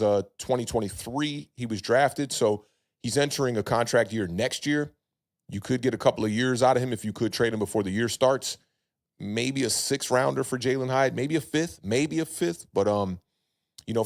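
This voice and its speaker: A young man hosting a casual livestream sports chat. He reads chat comments aloud, greets chatters by name, and hedges with plenty of fillers. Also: fairly low pitch. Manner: laid-back, hedging, many fillers, greets chatters by name. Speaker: podcast host reading live chat.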